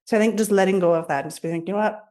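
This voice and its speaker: Frank woman with a mellow voice. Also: on the low side. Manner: frank, halting with many fillers, then defiant. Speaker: coaching client on a group call. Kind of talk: casual sharing. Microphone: video call.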